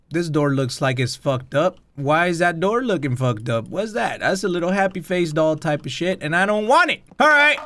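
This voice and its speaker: A man's voice: on the high side, sharp tone. A man giving profane, joking let's-play commentary on a VR horror game, switching between English and Spanish. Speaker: VR gamer, channel host.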